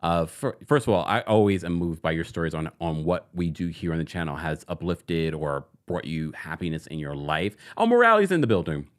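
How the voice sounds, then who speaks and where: A man's voice: sits low, fairly quick, hardly any pauses. Laughing man hosting a live stream. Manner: laughs often, lively, playful. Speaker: host.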